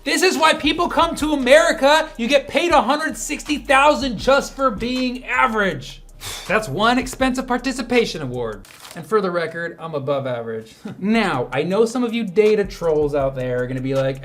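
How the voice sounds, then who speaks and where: A man's voice: high voice, lively intonation, moderate pace, a bit bright. Teasing man doing a comic math bit. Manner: teasing, mock-insulting. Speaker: comedian. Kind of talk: comedic math video monologue.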